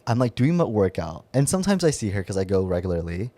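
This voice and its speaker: A man's voice: on the low side, fast. A young man co-hosting a podcast, telling a story in casual chat and laughing often. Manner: animated, laughs often, acts out his own nervous voice. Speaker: podcast co-host.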